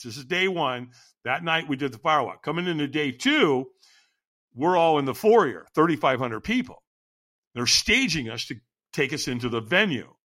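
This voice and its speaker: A man's voice: medium pitch, a bit bright. A middle-aged man telling a story as a podcast guest, dramatic, acting out quoted lines with big jumps in his voice. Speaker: podcast guest, firewalk instructor. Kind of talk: animated storytelling.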